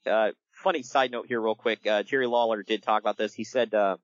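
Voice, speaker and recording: A man hosting a casual podcast, telling stories in an animated way and laughing along. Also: lowish voice, dry recording, highs cut off. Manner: animated storytelling with laughs and quick impressions. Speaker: podcast host. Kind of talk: casual wrestling podcast chat.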